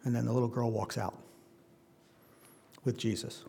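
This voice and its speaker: A man's voice: mid-range voice, level tone, moderate pace, vocal fry, mellow, a little hiss or hum. A man preaching a conversational Bible-teaching sermon, putting questions to his listeners. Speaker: pastor.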